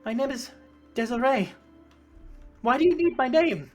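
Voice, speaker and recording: Someone doing a shrill frantic townswoman. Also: lively intonation, a little slow, faint music behind. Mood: alarmed. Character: frantic townswoman, mother of a boy.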